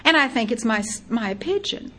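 An older woman sharing her recovery story as a personal testimony, lively and acting out her own past thoughts in quotes. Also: on the high side, normal speed, a little hiss or hum.

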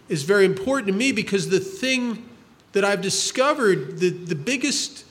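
A man's voice: sits high, a bit bright. A man giving a recovery talk, telling a folksy parable and acting out its characters' replies. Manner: folksy storyteller, acts out the old man's shrugging replies. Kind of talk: storytelling talk.

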